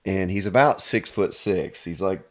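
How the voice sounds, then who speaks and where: Give me a deep-voiced chiropractor from Pennsylvania, earnest and casual. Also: male voice, unhurried. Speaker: chiropractor guest. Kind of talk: casual storytelling.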